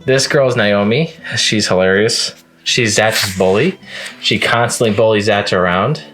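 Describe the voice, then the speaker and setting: Chatty lower-voiced man reviewing manga. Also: unhurried, fairly bright tone, soft background music. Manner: chatty and amused, laughing at the scenes he recaps. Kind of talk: casual manga review vlog.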